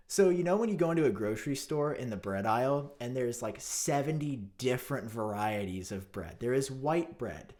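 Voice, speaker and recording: A man talks straight to the camera in a mock-outraged commentary. He is sarcastic and theatrical, lurching from loud jabs to muttered asides. His pitch jumps all over the place, at a mid-range that suits an ordinary male voice. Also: sing-song, normal speed, few pauses. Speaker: tech vlogger.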